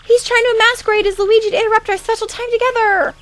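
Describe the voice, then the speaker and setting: A woman's voice: steady tone, fast, fairly bright tone. A squealing starstruck fangirl. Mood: horrified. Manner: breathless, shrill squeals. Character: giddy gushing young fangirl, starstruck and squealing.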